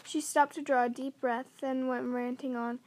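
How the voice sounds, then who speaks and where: High-voiced woman reading a novel aloud. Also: flat delivery, normal speed, darkish tone. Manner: reads with small slips and restarts. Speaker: audiobook reader.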